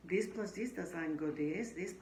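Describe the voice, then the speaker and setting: Immigrant woman recounting her first jobs, animated, roomy echo, faint hiss behind. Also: lowish voice, a little slow. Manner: animated, acts out quoted dialogue. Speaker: interviewee. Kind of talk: casual storytelling interview. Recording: echoey room, faint background noise.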